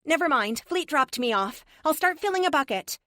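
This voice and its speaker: A woman voicing a sarcastic young male hero with a quick, cheeky delivery. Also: high voice, lively intonation, pushed and bright, no room sound, clean studio sound, pitched above the performer's own voice.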